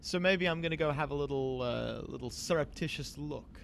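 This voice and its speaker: Halting male tabletop player. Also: on the high side, vocal fry, fairly bright tone, slight background noise. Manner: hesitant, halting, describing actions. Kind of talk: casual in-character play.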